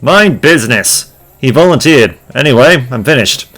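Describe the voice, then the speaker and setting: A man's voice: medium pitch, expressive, normal speed, a bit bright, soft background music. A man voicing a bored, curt female vampire in a game, talking dismissively. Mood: irritated. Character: bored, snippy female vampire feeding in a swamp.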